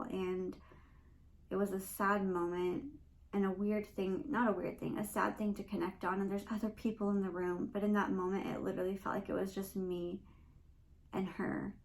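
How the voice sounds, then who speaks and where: A woman's voice: medium pitch, little pitch movement, moderate pace, low-quality recording. A young woman hosting a podcast, talking earnestly and emotionally in a rambling personal monologue. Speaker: podcast host.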